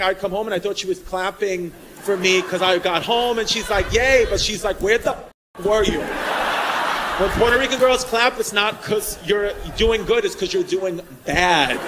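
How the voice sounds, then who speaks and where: A male stand-up comedian performing a brash set on a comedy club stage, shouting punchlines over a laughing crowd. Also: high-pitched, moderate pace. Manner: brash, loud bursts of shouting. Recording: live club recording with crowd noise.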